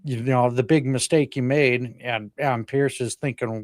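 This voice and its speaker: A man's voice: mid-range voice, a little slow, darkish tone, no room sound, clean studio sound. A man co-hosting a wrestling podcast, recapping events in casual chat and laughing at his own slips. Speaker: podcast co-host.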